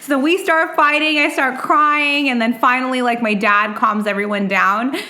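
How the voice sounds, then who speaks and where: A young woman chats as a podcast co-host, her voice bright and a touch high. She tells family stories with big animation, swears freely and acts out arguments. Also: fairly even intonation, normal speed, slight background noise. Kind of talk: casual chat.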